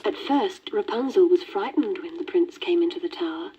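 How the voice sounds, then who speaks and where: A woman reading a children's storybook aloud in a gentle, lilting manner. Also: on the low side, expressive, normal speed, slightly rough. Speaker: story reader. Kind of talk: scripted storybook narration. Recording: dull worn vinyl record with faint hiss.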